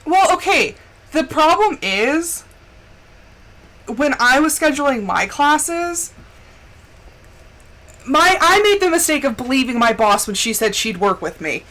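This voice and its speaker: A young woman streaming a game, telling stories in a casual, animated way and acting out quotes. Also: unhurried, long pauses, low-quality recording. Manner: animated storyteller, acts out quotes with big pitch jumps. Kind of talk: casual chat while gaming. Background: faint game music.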